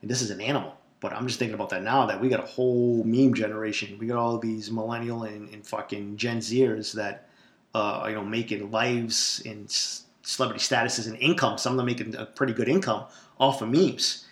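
A man's voice: fairly low pitch, steady tone, brisk. Brash Boston-accented male podcaster, swears freely and rambles, recorded in an echoey room. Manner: profane, rambling, brash, jokey. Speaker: podcast host. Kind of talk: casual solo podcast monologue.

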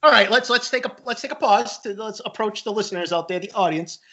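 A man co-hosts a casual podcast, joking and swearing as he rambles. His voice sits fairly high and sounds bright and tense. The recording is dull and lo-fi. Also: fast. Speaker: podcast co-host.

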